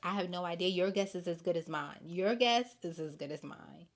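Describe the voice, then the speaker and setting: A young woman hosting a podcast, giving blunt, animated gossip commentary and repeating her points for emphasis. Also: on the low side, moderate pace. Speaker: podcast host.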